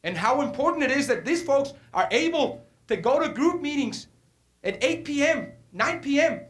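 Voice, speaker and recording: A speaker giving a forceful political public comment. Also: high-pitched, expressive, moderate pace. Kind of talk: public comment at a board meeting.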